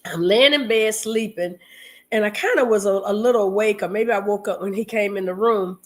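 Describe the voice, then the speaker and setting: A woman co-hosting a marriage talk show, telling stories straight to her listeners in a lively way, a bit congested from a cold. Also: medium pitch, fairly quick. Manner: lively storyteller, addresses listeners directly. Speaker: marriage podcast co-host. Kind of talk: casual chat to listeners.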